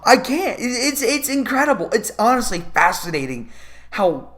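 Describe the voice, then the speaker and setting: A man's voice: extremely high pitch, very animated, normal speed, a bit bright. Sarcastic, foul-mouthed male movie ranter. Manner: sarcastic, profane, exasperated. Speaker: movie reviewer. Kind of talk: profane movie commentary rant.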